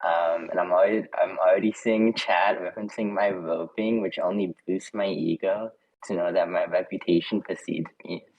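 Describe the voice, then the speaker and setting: A man on a live-streamed game show, chatting in a relaxed, self-amused way. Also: low-pitched, normal speed, dry recording, lo-fi sound. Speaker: player. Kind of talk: casual live-stream chat.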